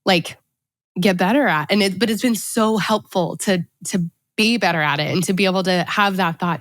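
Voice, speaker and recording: A woman's voice: mid-range voice, normal speed, fairly bright tone, no echo, studio quality. A woman hosting a podcast, casual and enthusiastic, affirming her guest with lots of "like" fillers. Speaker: podcast host.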